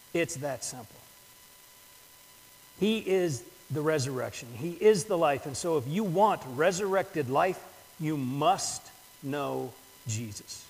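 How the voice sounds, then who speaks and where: Older male pastor, earnest sermon delivery, slightly high voice, long church reverb. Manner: earnest, repeats words while building a point.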